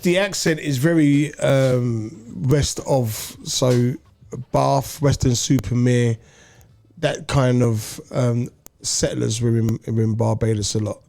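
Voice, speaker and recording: A man's voice: mid-range voice, steady tone, slow, vocal fry, a little mellow. London man bantering on a chat show. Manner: teasing banter, explains with fillers. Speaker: comedian and show host. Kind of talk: casual chat.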